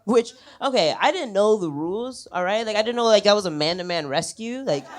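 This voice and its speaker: A man's voice: sits high, expressive, fairly quick. Young man, stand-up comic, casual swearing storyteller with a chuckle, noisy club recording. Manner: conversational, chuckles between lines, swears freely. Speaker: stand-up comedian. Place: comedy club on stage. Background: audience laughter.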